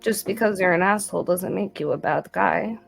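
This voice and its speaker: Woman voicing a soft, tender caretaker. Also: on the low side, a little fast, vocal fry, faint music behind.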